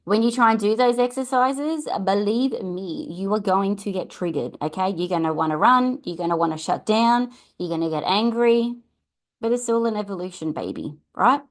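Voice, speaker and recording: A woman's voice: mid-range voice, normal speed. A middle-aged Australian woman hosting a parenting talk, chatty and earnest, often adding tag questions. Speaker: podcast host and parenting coach. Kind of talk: casual advice talk.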